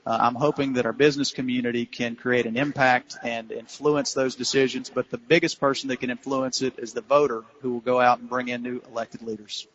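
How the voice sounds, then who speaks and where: A man with a Louisiana accent answers questions on a live remote radio broadcast from a cigar shop. He speaks earnestly at a mid pitch, with plenty of "uh"s and "you know"s. The sound is dull and lo-fi, like AM radio. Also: little pitch movement, brisk, few pauses, fairly bright tone. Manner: earnest, campaign-style talk with many "uh"s and "you know"s. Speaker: city council candidate.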